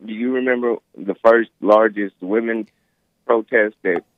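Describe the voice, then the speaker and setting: Man, caller from California, casual, argumentative, lowish pitch, tinny phone line, dry. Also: unhurried, no room sound. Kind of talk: call-in conversation.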